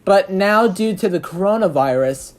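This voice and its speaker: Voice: mid-range voice, animated, moderate pace. An interviewer hosting a casual chat about a fan production, rambling and restarting sentences. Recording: noisy background hiss.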